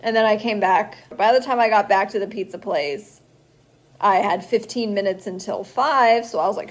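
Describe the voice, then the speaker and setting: A woman's voice: mid-range voice, normal speed. Tired young woman rambling through a vlog. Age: young adult. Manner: rambling, chatty, fillers like "like". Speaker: student vlogger. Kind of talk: casual storytime vlog.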